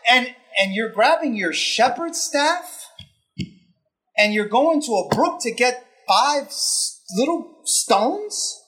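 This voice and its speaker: Here the preacher's medium-pitched voice has lively intonation and a slightly bright tone, taking things slowly. It's a conversational sermon retelling a scripture story, emphatic, with repeated phrases and rhetorical questions.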